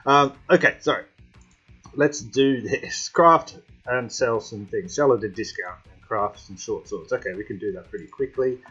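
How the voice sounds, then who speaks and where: A man's voice: mid-range voice, normal speed, fairly bright tone, slightly rough. A man hosting a gaming channel, chatting casually as he plays, talking to himself and the game. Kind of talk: casual let's-play commentary. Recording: slightly dull lo-fi home mic with faint music.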